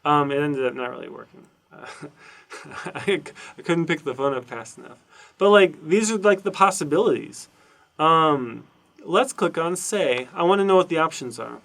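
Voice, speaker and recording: A man's voice: fairly high pitch, animated, normal speed, gravelly, fairly bright tone. A middle-aged man giving a casual recorded university lecture over a screen recording, thinking aloud with frequent fillers and restarts. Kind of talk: casual recorded lecture walking through documentation.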